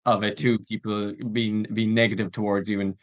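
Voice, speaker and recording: A man hosts a podcast interview with a fairly low voice. He reflects and thinks aloud in a casual conversational way. His questions are relaxed and searching. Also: moderate pace. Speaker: podcast host.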